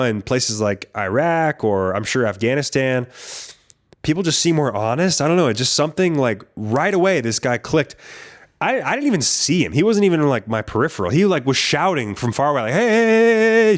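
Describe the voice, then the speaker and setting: Man, podcast host, casual sweary storyteller, average pitch. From United States. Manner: profane, rambling, animated.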